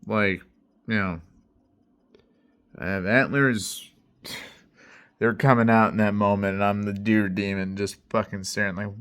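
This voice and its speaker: A man's voice: lowish voice, steady tone, unhurried, pauses often, fairly bright tone, clean tone. A man telling a story in a casual vlog, intense and heavy on swearing, often checking in with "right?" and "you know". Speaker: delivery driver telling a story.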